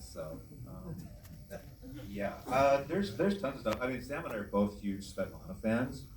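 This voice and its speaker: Halting, enthusiastic man on a panel. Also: medium pitch, animated, a little mellow. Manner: halting, enthusiastic, many restarts. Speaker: filmmaker on a convention panel. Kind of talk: casual panel talk. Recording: echoey hall, distant mic, faint noise.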